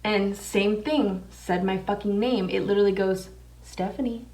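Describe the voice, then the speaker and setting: A woman's voice: medium pitch, steady tone, moderate pace, a little mellow, far from the mic. A young woman vlogger telling a story casually, with lots of swearing and fillers while she does her makeup. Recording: echoey room, voice away from mic.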